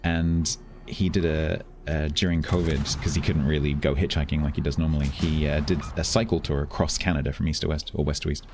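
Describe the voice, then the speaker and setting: Very deep-voiced man patiently coaching a game. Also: level tone, a little fast, darkish tone, slight background noise. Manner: patient, explains step by step with lots of "like". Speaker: streamer teaching a new player. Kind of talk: casual explanatory game coaching.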